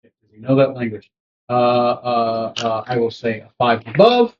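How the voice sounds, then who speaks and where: A man's voice: medium pitch, animated, measured pace, slight background noise. A man narrating a tabletop game as game master, rambling with many fillers. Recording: dull lo-fi recording.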